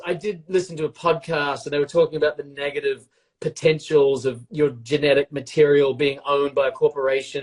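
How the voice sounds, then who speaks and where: A middle-aged man chatting casually and joking on a live stream as he bakes along. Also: fairly high pitch. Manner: playful, rambling, jokes and teases. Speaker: co-host baking along.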